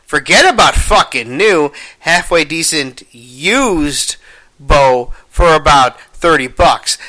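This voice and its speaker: Animated, profane young man ranting. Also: on the high side. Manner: profane, animated, swings between mumbling and exclaiming. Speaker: podcast host. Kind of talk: casual rambling monologue.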